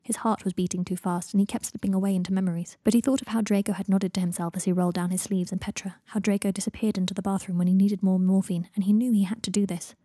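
A woman narrating a fan fiction audiobook in a quiet, steady reading voice. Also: medium pitch, fast, few pauses, dry recording, clean studio sound.

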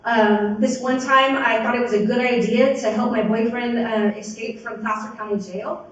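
A woman tells her recovery story in a loose, rambling way, with "like" and "you know" filling her sentences. Her voice sits a little high. She sounds far from the mic, and a heavy room echo and a dull, muffled tone surround her. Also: steady tone, normal speed. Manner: casual, rambling, many "like" and "you know" fillers. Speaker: speaker sharing at a recovery meeting, a sponsor. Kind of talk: personal recovery testimony.

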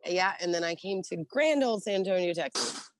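Low, dry-voiced middle-aged woman, blunt and profane storyteller, lively quotes. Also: brisk, dry recording. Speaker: interview guest, Navy veteran. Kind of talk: casual storytelling.

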